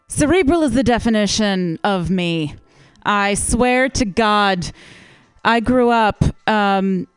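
A woman mocks her own bookish upbringing in a comic monologue and stops often on fillers. Her voice is very smooth and crisp. It sounds dry and close. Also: mid-range voice, no echo. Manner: self-deprecating, hesitant fillers. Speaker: improv comedy performer.

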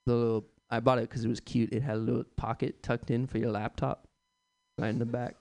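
A man with a smooth, resonant, mid-pitched voice delivers deadpan, absurd stand-up one-liners. The sound is dry and close. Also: brisk, no echo. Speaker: stand-up comedian.

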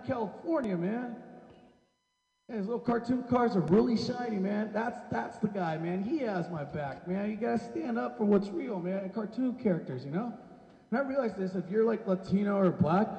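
A man doing a rambling, profane stand-up comedy set on a club stage, tacking "man" onto nearly every line. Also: high voice. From Seattle area. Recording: dull, echoey hall recording.

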